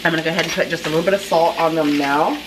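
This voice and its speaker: Speaking rapid-fire in a deep, steady voice, a woman runs her own cooking channel from her home kitchen, talking casually through a recipe. She chats with many ums and restarts while food sizzles in a pan and noise fills the background.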